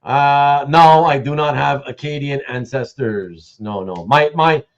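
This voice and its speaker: A Canadian man hosting a casual live stream, telling stories in an animated way with many restarts. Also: mid-range voice, unhurried. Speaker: host. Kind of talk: casual livestream chat. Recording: dull lo-fi stream audio.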